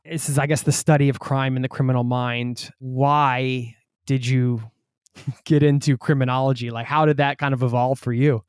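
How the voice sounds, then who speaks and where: A man's voice: medium pitch, flat delivery, normal speed, clean tone, dry recording, clean studio sound. A man from the United States hosting a podcast, upbeat and friendly, greeting listeners as "my friend". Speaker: podcast host. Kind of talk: podcast intro and interview.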